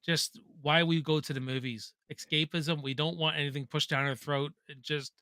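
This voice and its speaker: Hosting a live watch-party, a Canadian man reads out viewers' questions from the chat and jokes around casually. His voice sits on the high side, pushed and bright yet smooth, with flat delivery at normal speed, captured in clean studio quality without echo.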